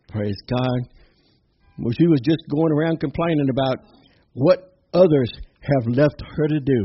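A man's voice: mid-range voice, unhurried, dull audio, slight background noise. A man preaching an informal, exuberant sermon, peppering his talk with amens and little laughs.

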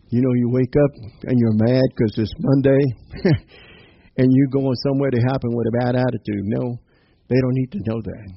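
A man's voice: medium pitch, gravelly, slightly rough. A man giving an informal, upbeat devotional sermon, quoting scripture, laughing and punctuating lines with amen. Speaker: preacher. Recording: slightly dull lo-fi recording with faint noise.

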